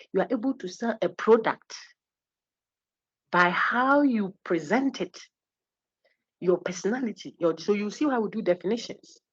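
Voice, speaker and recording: Woman lecturing with lively asides. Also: medium pitch. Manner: animated, teasing, with asides and acted-out quotes. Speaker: university lecturer. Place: lecture hall. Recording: husky, dull lo-fi lecture recording.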